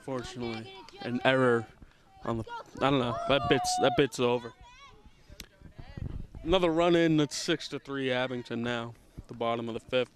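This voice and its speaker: A man giving casual, self-deprecating play-by-play of a softball game outdoors in light rain, sometimes hushing into a mock golf-announcer voice, picked up by a camera mic. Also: mid-range voice, fairly even intonation, a little fast, noisy background. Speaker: amateur sports commentator.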